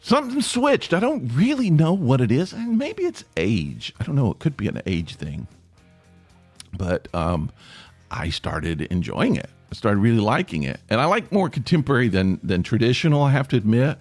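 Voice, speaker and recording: A man's voice: mid-range voice, very animated, moderate pace, darkish tone, dry recording, soft background music. A man from East Tennessee with an East Tennessee accent, hosting a solo podcast in a rambling, self-deprecating way and asking listeners for feedback. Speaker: podcast host.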